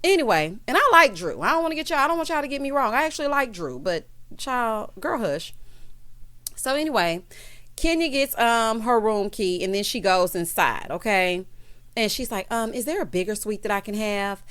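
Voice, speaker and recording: A woman's voice: on the high side, moderate pace. A woman hosting a casual TV recap, sassy and dramatic, calling her viewers honey and child as she tells the story. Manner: lively storyteller, acts out quotes. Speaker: show recap host.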